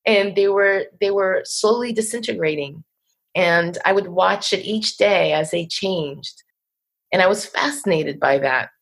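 A woman with a New Jersey accent, a poet and teacher, talking thoughtfully in an interview and laughing softly now and then. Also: lowish voice, gravelly, slightly rough. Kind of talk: reflective interview conversation.

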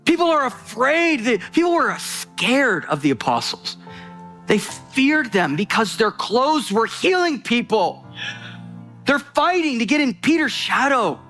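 Very animated, this preacher delivers his sermon with passion over soft background music. He alternates between loud, urgent moments and low, intense ones, speeding through bursts and often restarting.

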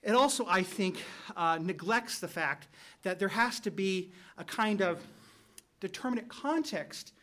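A man co-hosting a Catholic talk show, explaining ideas in a measured way and reasoning aloud through examples. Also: high voice, fairly bright tone. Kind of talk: conversational philosophical explanation.

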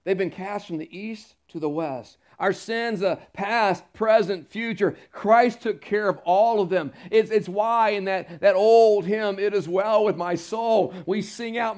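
High-voiced emphatic preacher man. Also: normal speed. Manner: emphatic, swings from loud declarations to quiet asides. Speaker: pastor. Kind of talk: sermon. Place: church sanctuary.

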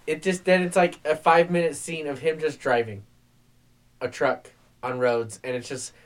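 A man's voice: on the high side, fairly even intonation, moderate pace, rough recording. A man on a podcast, bluntly complaining about a bad movie with plenty of profanity. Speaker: podcast co-host. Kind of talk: casual movie review chat.

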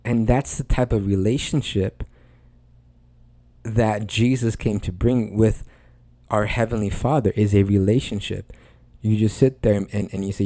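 A man's voice: on the low side, steady tone, measured pace, dark tone, no echo. A man hosting a Christian podcast, preaching in a conversational way with earnest emphasis and repeated phrases.

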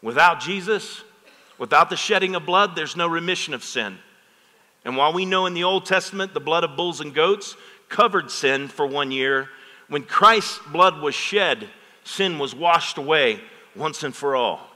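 Bright-voiced preaching pastor, man, in hall reverb. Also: fairly high pitch, lively intonation, normal speed. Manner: preaches with call-and-response asides to the congregation. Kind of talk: sermon. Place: church sanctuary.

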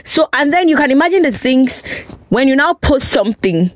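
A woman, co-hosting a casual chat and telling stories in an animated way. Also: sits high, normal speed. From Nigeria. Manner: animated storytelling, quotes others in mocking voices. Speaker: podcast co-host.

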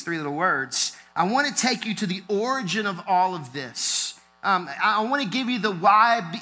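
High, bright-voiced man preaching a sermon. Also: low-quality recording. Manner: earnest preaching, rising to emphatic intensity. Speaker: pastor.

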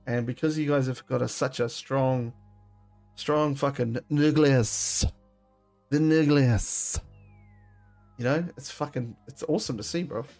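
A man's voice: mid-range voice, unhurried, long pauses, soft background music. A man, chatting casually with callers on a stream, full of slang and swearing. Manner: slangy, excitable, swears freely. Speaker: streamer taking call-ins. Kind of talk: casual chat.

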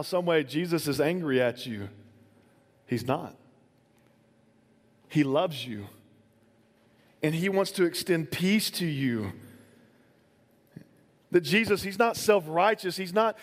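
A man preaches a sermon in a relaxed, chatty way, often stopping for small fillers as he talks. His voice sits high for a man. The sound carries a long reverb, as if it were recorded in a large hall. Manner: casual, conversational preaching with many fillers. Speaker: pastor.

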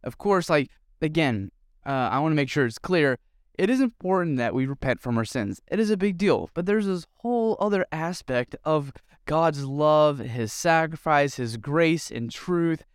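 A young man retells his story earnestly, rambling with fillers. His voice sits fairly high and sounds smooth and clear, recorded dry and close. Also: lively intonation, normal speed, dry recording. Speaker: youth pastor. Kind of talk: casual storytelling vlog.

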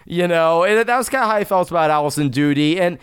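A man's voice: a little high, fast, clean tone. An American man co-hosting a casual film podcast, chatty and rambling. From United States. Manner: chatty, rambling, frequent restarts and laughs. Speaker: podcast co-host. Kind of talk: casual podcast chat about films.

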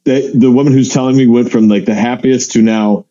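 A man's voice: mid-range voice, brisk, highs cut off. A male comedian telling stories in casual podcast talk, acting out the lines of other people. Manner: animated storyteller who acts out other people's lines.

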